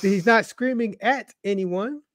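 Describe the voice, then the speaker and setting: A man's voice: high-pitched, a little slow, a bit bright, no echo, studio quality. A man co-hosting a casual show, telling stories about church videos in an amused way and laughing often. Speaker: co-host.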